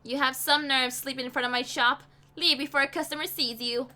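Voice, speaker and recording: A woman's voice: high voice, steady tone, brisk, bright, forceful tone. A woman voicing a rude, scornful shopkeeper. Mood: scolding. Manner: harsh, scornful and bossy.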